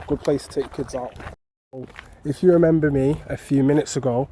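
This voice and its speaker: A vlogger from North West England, speaking with a Mancunian accent, chats casually and jokily to his viewers while walking through outdoor parkland, swearing freely. His voice is medium-pitched and dark. The recording is low quality with a little hiss or hum.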